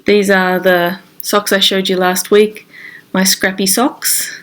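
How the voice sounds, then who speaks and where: A woman's voice: medium pitch, flat delivery, takes it slowly, a bit bright. A woman hosting a knitting podcast, talking casually while showing her knitting, her voice congested from a cold. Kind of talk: casual chat.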